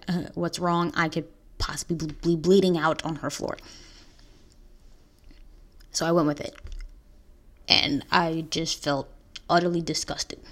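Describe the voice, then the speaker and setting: A young woman hosting a podcast, telling a painful personal story in an earnest, halting way with restarts. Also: on the low side. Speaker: podcast host.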